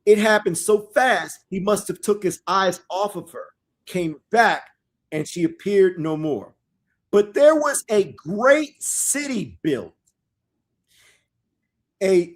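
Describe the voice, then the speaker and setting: Animated man reading scripture slowly. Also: high-pitched. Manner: reads verses in a raised, dramatic voice, then drops to slangy asides. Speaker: Bible study teacher. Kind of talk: reading scripture aloud with casual commentary. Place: live online stream.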